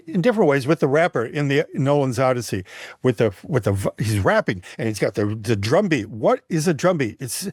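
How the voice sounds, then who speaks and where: A man guesting on a talk show, retelling an ancient myth with lively expression and frequent restarts. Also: a little high, dry recording, clean studio sound. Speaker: guest, mythologist and writer. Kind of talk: animated storytelling in conversation.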